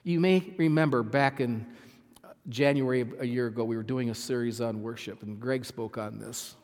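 A man preaching a sermon as pastor, emphatic, repeating phrases and swinging from loud to soft. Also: mid-range voice, fairly even intonation, normal speed, big-room sound. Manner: emphatic, repeats phrases, swells and drops in volume.

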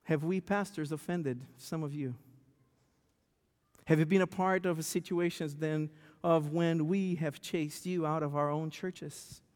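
A male pastor preaching a sermon, telling a story with lively, stammering restarts. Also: a little high, unhurried. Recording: long church hall reverb.

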